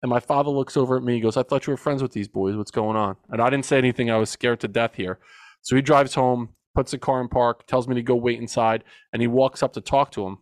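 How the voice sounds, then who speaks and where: A man's voice: mid-range voice, fairly even intonation, fast talker, no room sound. A man in his forties, a men's coach and podcast guest, telling a personal story in an earnest, reflective way. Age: 40s. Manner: earnest and reflective, with emphatic retelling.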